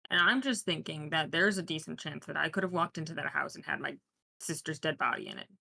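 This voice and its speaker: A woman's voice: low-pitched, sing-song, a little fast, gravelly, sharp tone. A woman speaking in character during a tabletop game, dry and casual. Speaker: player voicing her character. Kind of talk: in-character tabletop role-play.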